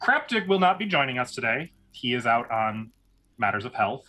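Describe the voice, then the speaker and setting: Lively bright-voiced host man. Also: mid-range voice, normal speed. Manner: lively, joking. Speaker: game master and host. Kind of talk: casual hosting banter.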